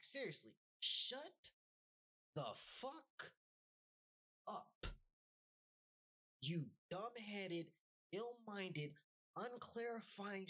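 A woman's voice: medium pitch, bright, forceful tone, husky. A woman hosting a podcast, ranting in a heated, blunt way with heavy swearing and emphatic repetition. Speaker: podcast host. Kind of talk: profane podcast rant.

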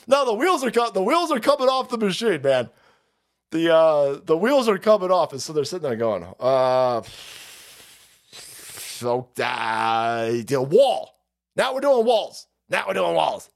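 A man's voice: a little high, sing-song, a little slow, gravelly. A man hosting a livestream, ranting in a foul-mouthed, sarcastic, mocking way and breaking into laughter between phrases. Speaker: livestream host. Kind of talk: profane political rant stream.

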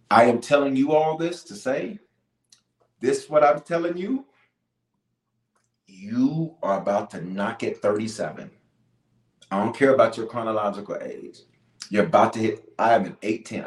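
A man's voice: lowish voice, lively intonation, normal speed, pauses often. A man leading a live-streamed prayer as a bishop, fervent and pleading, repeating his points for emphasis. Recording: roomy echo.

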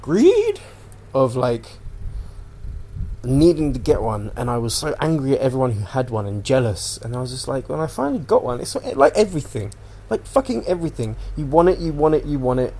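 A man's voice: mid-range voice, big pitch swings, brisk, gravelly, mellow. A young man hosting a casual solo podcast, rambling loosely between topics and swearing freely. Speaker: podcast host.

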